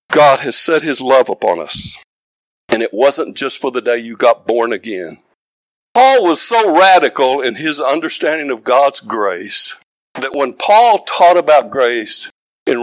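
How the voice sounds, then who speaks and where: A man's voice: medium pitch, lively intonation, measured pace, no echo, rough recording. An older man preaching a sermon as pastor, folksy and conversational, building to fervent emphasis.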